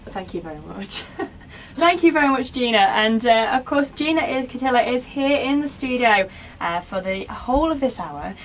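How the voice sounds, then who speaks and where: English woman, local radio host, higher voice, smooth upbeat links, faint hiss behind. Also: lively intonation, normal speed. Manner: chirpy, polished presenter patter. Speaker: radio presenter. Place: radio studio.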